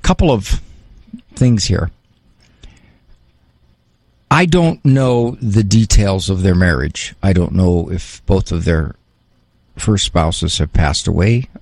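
A man's voice: low-pitched, expressive, slow pace, pauses often, darkish tone, dry recording. A man hosting a call-in advice show, giving frank, emphatic counsel to a caller. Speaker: radio advice host.

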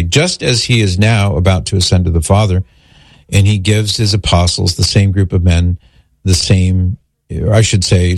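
A man's voice: low voice, no room sound, clean studio sound. A man hosting a call-in religious Q&A, answering a caller's question in an earnest, explanatory way and citing scripture.

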